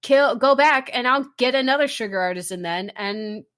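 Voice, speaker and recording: A woman's voice: a little high, normal speed, fairly bright tone, natural voice. A woman voicing a petty, cruel male fairy king who whines and threatens. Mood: demanding. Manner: whiny and threatening.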